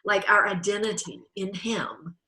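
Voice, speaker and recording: Woman host, bright effusive voice, church devotional chat on a video call, emotional. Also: mid-range voice, fairly even intonation, unhurried, poor audio. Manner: emotional, tearful at times, warm and effusive. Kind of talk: heartfelt video-call conversation.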